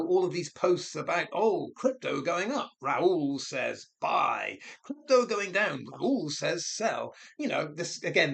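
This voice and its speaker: A man with a somewhat high voice delivers a one-man commentary. He sounds mocking and sarcastic, firing rhetorical questions. He often stops and corrects himself mid-sentence. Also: fairly bright tone. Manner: rambling with frequent self-corrections. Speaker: commentary channel host. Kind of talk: monologue commentary.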